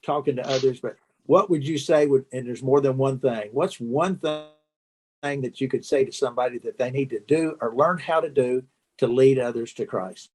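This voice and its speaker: A man hosting a podcast, asking questions with a halting, rambling manner. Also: mid-range voice, darkish tone, breathy edge. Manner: halting, full of fillers and restarts. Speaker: podcast host. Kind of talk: interview chat.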